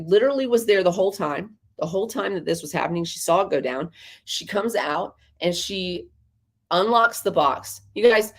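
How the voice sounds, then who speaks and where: Woman with a low, deep register; casual podcast co-host, ranting and exasperated, swears freely. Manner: ranting, exasperated storytelling with profanity. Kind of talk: casual livestream chat.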